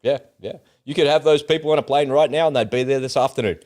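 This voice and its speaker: A man's voice: medium pitch, quick pace, darkish tone. An Australian man co-hosting a podcast, giving blunt, heated opinions in casual chat and swearing freely. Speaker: podcast co-host.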